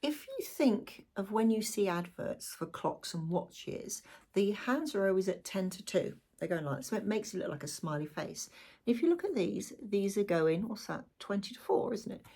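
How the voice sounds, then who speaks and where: A middle-aged woman gives a chatty tarot reading to viewers. She talks warmly with asides, and her voice is croaky. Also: mid-range voice, very animated, moderate pace. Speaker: tarot reader.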